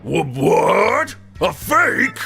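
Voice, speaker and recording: A man playing a gravelly blustering turtle king. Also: sits high, big pitch swings, very slow, faint music behind, heavily acted. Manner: loud bragging shouts. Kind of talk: video game voice-over.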